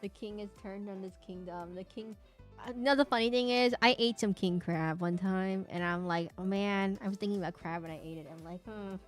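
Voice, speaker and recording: A young woman chats with her stream as she draws, rambling from one thought to the next and humming in between. Her voice sits at an ordinary middle pitch, with faint music underneath. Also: a little fast. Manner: rambling, playful, talks to chat, hums. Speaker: streamer drawing for chat. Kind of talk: casual chat while drawing.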